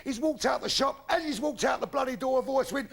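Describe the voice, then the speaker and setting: A man's voice: very high voice, fairly quick. A man in his fifties with a London Cockney accent telling bawdy jokes in live stand-up, acting out the people in his stories in changing voices. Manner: gravelly, bawdy, acts out characters in shifting voices. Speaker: stand-up comedian. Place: theatre stage with live audience. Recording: live theatre recording with audience laughter.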